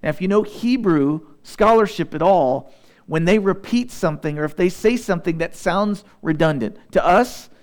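A pastor hailing from Southeast Missouri gives a sermon. His voice is somewhat high; he takes scripture at a slow, deliberate pace and breaks it up with easygoing, conversational comments to those listening.

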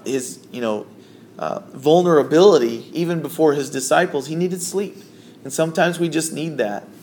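A man's voice: fairly high pitch, slight background noise. A man preaching a sermon in a conversational way, with asides and self-corrections. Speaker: pastor.

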